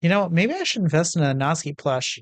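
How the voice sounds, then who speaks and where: A woman's voice: low voice, very animated, fast talker, no room sound. A woman streamer giving casual, playful and self-mocking gameplay commentary.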